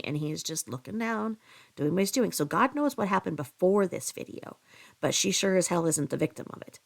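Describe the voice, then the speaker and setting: Blunt gravelly woman ranting. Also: on the low side, animated, a little fast. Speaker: commentary channel host. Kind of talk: angry commentary.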